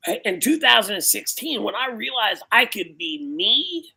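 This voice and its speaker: Man, biker pastor, sharp tense tone, gravelly, casual preachy testimony, lots of "man" and "you know". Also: high-pitched, very animated, normal speed, low-quality recording.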